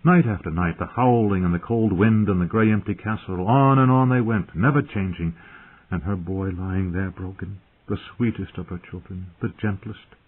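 Male audiobook narrator, low husky voice, measured and dramatic, phone-like audio.

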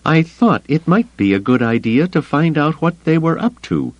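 Audiobook: male reader doing a sarcastic, high-strung woman smuggler, raised pitch, dry booth sound. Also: very animated, normal speed, darkish tone, no echo, lo-fi sound. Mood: urgent, tense. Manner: clipped, urgent, sarcastic. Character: tense sharp-tongued female smuggler. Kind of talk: audiobook character voice.

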